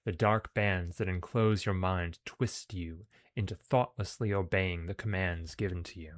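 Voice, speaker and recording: A man's voice: low voice, steady tone, a little slow, no echo, studio quality. A man reading game text aloud as narration, with casual, sometimes profane asides. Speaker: game streamer.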